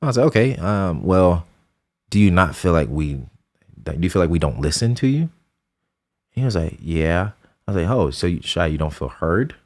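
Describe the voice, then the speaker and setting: A man's voice: low voice, sing-song, brisk, a little mellow. A young adult man co-hosting a podcast, telling an earnest, reflective story about his son in casual conversation. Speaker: podcast co-host, father.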